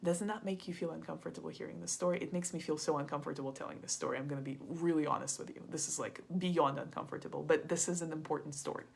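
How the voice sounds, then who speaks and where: A woman's voice: sits low, fairly even intonation, fast, creaky, few pauses, a little hiss or hum. A young adult woman coach telling a frank, confessional story in a masterclass, loose and chatty with lots of "like". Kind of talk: candid storytelling monologue.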